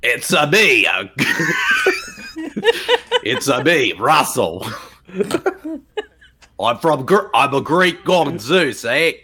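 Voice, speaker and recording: A man's voice: mid-range voice, expressive, extremely slow, long pauses, a little hiss or hum, exaggerated voice. A man putting on a joking impression of a brash actor, boasting and laughing as he goes. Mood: goofy. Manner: blustery, laughing, loud.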